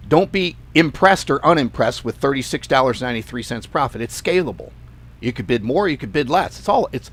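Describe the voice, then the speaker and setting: A man's voice: medium pitch, a bit bright. A man hosting a trading channel, chatting casually through a live screen-share, loose and offhand, repeating words for emphasis. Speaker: forex trading channel host.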